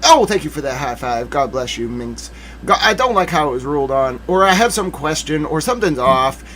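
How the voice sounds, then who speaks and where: A man with a fairly high voice that leaps all over the place, hosting a legal commentary livestream. He rants in theatrical mock outrage, swinging between shouting and muttering, and throws in asides to himself. It sounds unscripted and talky. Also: big pitch swings, fairly quick, a little hiss or hum.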